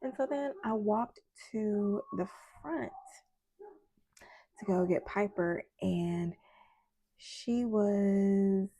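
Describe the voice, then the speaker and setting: A woman tarot reader tells a story in a chatty, animated way. Her voice is gravelly and mellow, and the close mic in a dry room keeps it intimate. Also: medium pitch, very slow, pauses often, dry recording. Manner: chatty, animated retelling with many asides. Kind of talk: casual storytelling vlog.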